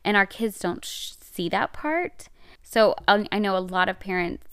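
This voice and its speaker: Woman, middle-aged, parenting talk, casual and conversational, gravelly edge, smooth clear tone. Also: medium pitch, animated, a little slow, a bit bright, no echo, clean studio sound. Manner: conversational, many fillers and self-corrections. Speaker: parenting podcast host.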